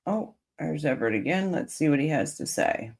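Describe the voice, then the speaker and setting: A woman's voice: sits low, animated, fairly quick, a little mellow. A woman hosting a true crime livestream, chatting casually with viewers and reading their comments while coming down with a cold.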